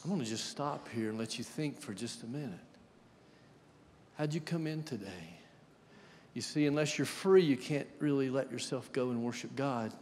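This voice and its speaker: A man's voice: medium pitch, moderate pace, a little mellow. A man giving a guest sermon in a church, talking conversationally and asking the congregation questions. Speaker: guest preacher. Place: church sanctuary. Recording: long church hall reverb.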